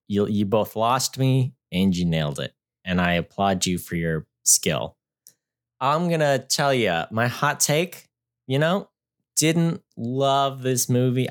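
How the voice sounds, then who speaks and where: A man co-hosting a podcast, giving his movie take with wry, dry teasing. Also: medium pitch. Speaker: podcast co-host. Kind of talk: casual movie review chat.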